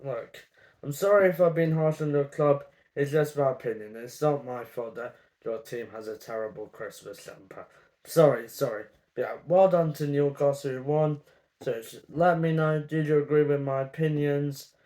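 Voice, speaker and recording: A man's voice: fairly high pitch, normal speed, mellow. A man, grading football merchandise in a chatty, opinionated vlog full of ums. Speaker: football vlogger. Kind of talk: casual grading commentary to camera.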